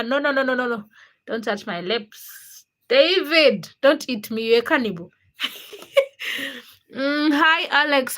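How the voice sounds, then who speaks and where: This livestream host, a woman from Uganda, has a slightly high and bright voice. She chats casually, reading comments from viewers, calling them by name and teasing them.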